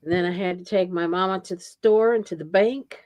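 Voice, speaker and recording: A woman's voice: lowish voice, fairly quick, darkish tone, dull audio. A woman co-hosting a casual chat show, chatty and recounting her errands step by step. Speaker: co-host of a live chat show.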